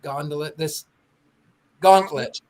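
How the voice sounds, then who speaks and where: A woman telling a lively story in casual panel chat, acting out the people she quotes. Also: low voice, slow pace. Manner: animated storyteller who acts out quoted voices. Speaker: podcast panelist telling an anecdote.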